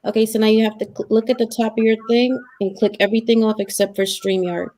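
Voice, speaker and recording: Woman helping out on a live stream, kinda high voice, laughs a lot, reassuring. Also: level tone, fast, warm tone. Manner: reassuring, laughs often, guides through setup. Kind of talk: casual live stream chat.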